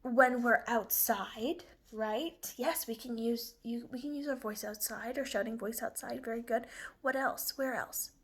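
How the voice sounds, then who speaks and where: A woman teaching young children, slow and clear, encouraging them with exaggerated emphasis. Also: a little high, fairly even intonation.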